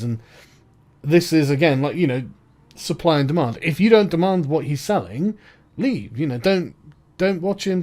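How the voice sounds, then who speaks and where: A man's voice: on the high side, a little mellow. A man ranting in an exasperated, profane and rambling way, with many false starts. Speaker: online commentator. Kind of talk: ranting video commentary.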